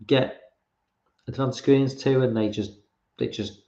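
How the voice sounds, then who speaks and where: A man's voice: medium pitch, fairly even intonation, moderate pace, darkish tone. A man who is not American, hosting a casual livestream, rambling and swearing with frequent restarts as he reads chat. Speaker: podcast host reading chat. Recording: roomy, slightly dull sound.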